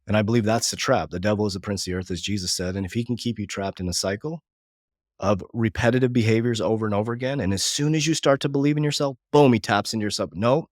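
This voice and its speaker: A man in his forties talking quickly and with feeling in a podcast conversation, often speaking of faith and family. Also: lowish voice, no room sound, studio quality. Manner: fast, heartfelt, religious. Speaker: business coach, guest.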